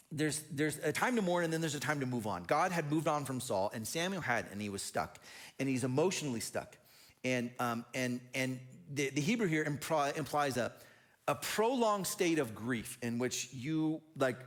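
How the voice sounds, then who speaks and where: A man preaching a sermon as a pastor, energetic and animated, often stumbling and repeating words as he builds a point. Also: on the high side.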